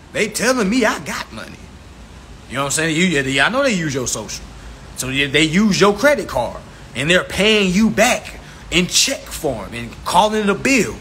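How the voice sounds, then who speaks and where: A man's voice: fairly high pitch, pushed and bright, slight background noise. A man teaching viewers about credit in an informal, preachy lecture, swearing a lot for emphasis and repeating his points. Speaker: self-styled credit instructor.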